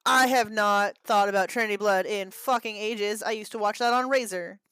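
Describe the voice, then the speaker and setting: A woman's voice: mid-range voice, steady tone, normal speed, fairly bright tone, clean tone. A woman in her thirties chats casually on a livestream, reacting to her viewers with frequent laughter and a lot of swearing. Her voice sits in an ordinary middle register. The sound is dry and close, with no room echo. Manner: profane, laughing, reacting to chat. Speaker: livestream host.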